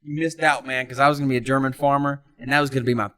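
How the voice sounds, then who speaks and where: A man in his thirties hosting a crude, joking chat with friends, loud and prone to shouting. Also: medium pitch, fairly even intonation, very fast. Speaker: podcast host.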